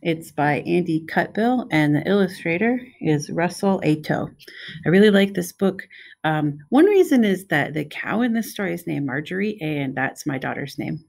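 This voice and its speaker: Woman, middle-aged, slightly low voice, gravelly, expressive picture book read-aloud. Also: moderate pace. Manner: expressive, friendly, pointing out pictures. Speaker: preschool teacher reading aloud.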